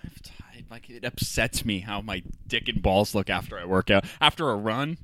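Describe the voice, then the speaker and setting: A man's voice: lowish voice, animated, moderate pace, a bit bright, no room sound, clean studio sound. A man co-hosting a podcast, telling a story in a casual, profane way and laughing often. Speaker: podcast co-host. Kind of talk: casual chat.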